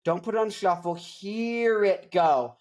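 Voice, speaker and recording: A man's voice: high-pitched, measured pace, darkish tone. Rambling young man hosting a rock show. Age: young adult. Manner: rambling, digressive, jokey. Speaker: host. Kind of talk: casual album review chat.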